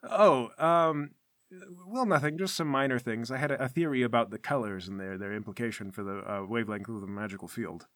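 A man's voice: medium pitch, fairly quick, fairly bright tone, no room sound, studio quality, close to an everyday voice. Man playing a flustered scholarly curator. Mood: nervous. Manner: hesitant, fussy explaining with restarts.

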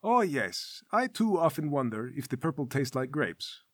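A man's voice: fairly high pitch, sing-song, moderate pace, breathy edge, no echo, clean studio sound. A man voicing a vain, pompous male wizard who speaks politely and airily. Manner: polite, airy.

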